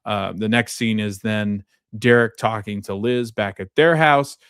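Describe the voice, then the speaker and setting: A man's voice: lowish voice, unhurried, a bit bright, clear, resonant tone, dry recording, studio quality. Chatty man recapping a TV episode. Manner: chatty, many fillers, laughs often while retelling scenes. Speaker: podcast host.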